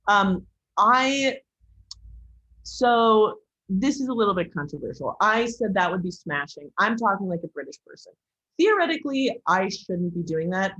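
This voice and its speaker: An American woman leads a casual online class, talking candidly and chattily with frequent likes and ums. Her voice sits somewhat low for a woman. The recording sounds dull and lo-fi, with the top end muted. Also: fairly bright tone, husky. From United States. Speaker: instructor.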